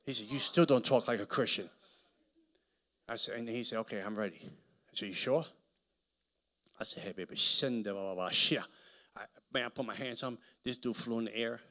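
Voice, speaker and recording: A man preaching as a guest speaker, telling stories with dramatic swings from quiet murmurs to shouting. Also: medium pitch, brisk, long pauses. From Hispanic American. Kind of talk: preaching with storytelling. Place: church hall.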